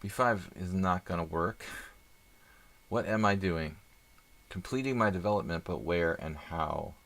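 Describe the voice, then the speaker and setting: A man's voice: deep voice, unhurried, fairly bright tone. A man doing live chess stream commentary, chatty and thinking aloud with rambling asides.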